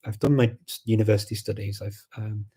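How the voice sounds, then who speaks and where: A man with a Scouse accent hosting a live chat, answering viewer questions in a relaxed way, thinking aloud with many pauses and restarts. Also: lowish voice, breathy edge. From Liverpool, England. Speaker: host of a live language chat.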